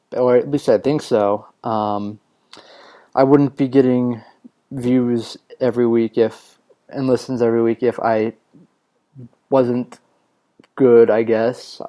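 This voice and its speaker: Male host, unhurried, ordinary pitch, filler-heavy casual chat. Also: darkish tone. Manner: rambling, many ums and self-corrections. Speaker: music show host. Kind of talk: casual radio-show chat.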